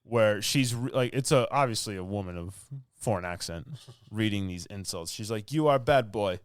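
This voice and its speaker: A man's voice: lowish voice, moderate pace, clean tone, no room sound, studio quality. A man co-hosting a podcast, casually recapping a movie in a rambling, filler-heavy way and laughing often. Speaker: podcast co-host.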